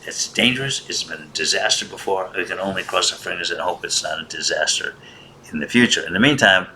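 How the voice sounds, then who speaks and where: Deep-voiced man, wry and rambling. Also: brisk, pushed and bright, a little hiss or hum. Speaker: host. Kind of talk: casual monologue commentary.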